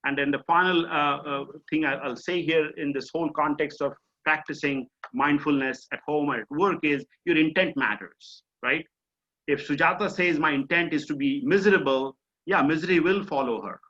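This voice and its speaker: Here the coach's voice is highish and sharp-toned at an ordinary pace. He's a middle-aged Indian-accented man guiding an online mindfulness session from home or an office, conversational and explanatory with frequent fillers, heard through dull, lo-fi video call audio.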